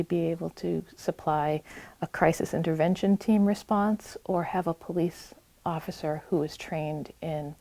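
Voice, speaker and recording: Earnest, reassuring woman presenter with a low voice. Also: mellow, no room sound. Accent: New England. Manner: earnest, reassuring, gives direct advice. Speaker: community health presenter. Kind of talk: public talk to an audience. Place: public library meeting room.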